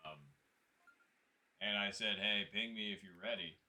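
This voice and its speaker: A man streaming a golf video game, casually commenting on his shots and chatting with viewers in a relaxed, muttering way. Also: lowish voice, measured pace. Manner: relaxed, muttering asides to chat.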